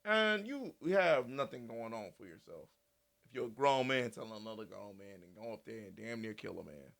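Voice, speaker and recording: Animated man in casual commentary. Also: fairly low pitch, normal speed, creaky. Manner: animated, repetitive, swears freely. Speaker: commentary channel host.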